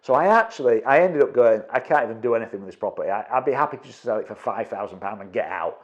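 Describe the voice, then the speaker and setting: A middle-aged man, a property investment trainer, tells a story to an audience, acting out his own quotes with quick restarts. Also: medium pitch, animated, dull audio.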